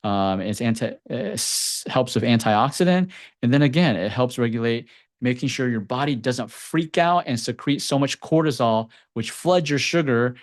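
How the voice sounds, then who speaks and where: A man who runs a clinic, teaching about sleep problems in a lively explainer style. He keeps checking in with his viewers by saying "okay?" and "right?". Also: medium pitch, normal speed. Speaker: acupuncturist and clinic owner. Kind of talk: educational health explainer to camera. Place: Texas clinic.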